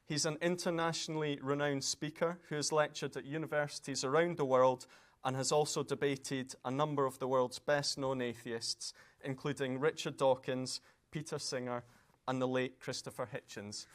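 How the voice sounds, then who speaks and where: A man's voice: medium pitch, steady tone, normal speed. A man hosting a live event in a lecture hall, speaking politely and courteously as he introduces and interviews a guest.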